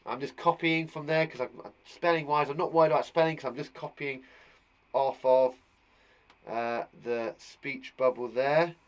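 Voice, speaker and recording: A man's voice: mid-range voice, fairly even intonation, moderate pace. A man teaching a children's punctuation lesson online, chatty and playful, with jokes between his explanations. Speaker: primary school teacher.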